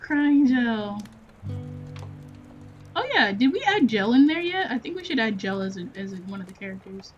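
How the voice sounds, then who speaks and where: A woman's voice: on the high side, big pitch swings, normal speed, long pauses. Chatty young woman streaming with music behind. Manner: chatty, laughing, reads chat aloud. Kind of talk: casual live-stream chat. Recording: dull lo-fi stream audio with faint music.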